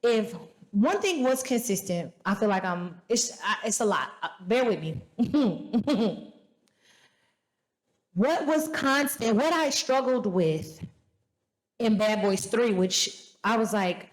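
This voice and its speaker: Woman, podcast host, casual chat, chatty, animated, mid-pitched voice. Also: takes it slowly, long pauses, poor audio. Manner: chatty, animated, talks straight to viewers. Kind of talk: casual movie review chat.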